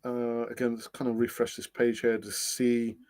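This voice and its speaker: A man's voice: medium pitch, monotone, moderate pace, a little mellow. A middle-aged man hosting a casual live stream, chatting and reading out comments, laughing often and thinking aloud with fillers. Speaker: host of a fan channel live stream.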